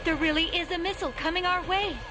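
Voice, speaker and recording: A man reading a female helicopter pilot's lines aloud in a falsetto with a put-on Brooklyn accent. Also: quick pace, loud music behind the voice. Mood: alarmed.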